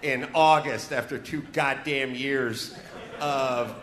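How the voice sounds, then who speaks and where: A man's voice: mid-range voice, takes it slowly, fairly bright tone. Ranting comedian man in an echoey venue. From North Hollywood, California. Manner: crude, ranting, joking. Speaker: comedy podcast host. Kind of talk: live podcast banter. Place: live venue stage with audience. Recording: echoey live venue sound.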